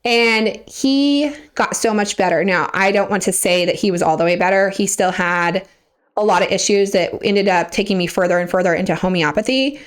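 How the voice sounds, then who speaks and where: A woman's voice: medium pitch, moderate pace, clear, resonant tone. Woman telling her story animatedly. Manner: animated retelling, acting out others' words with laughs. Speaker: podcast guest. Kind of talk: personal storytelling in conversation.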